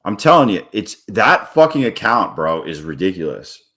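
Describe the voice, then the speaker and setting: A man's voice: fairly low pitch, very animated, normal speed, a bit bright. A man streaming his day trading live, talking viewers through chart moves in a casual, blunt way and swearing freely when a trade goes wrong.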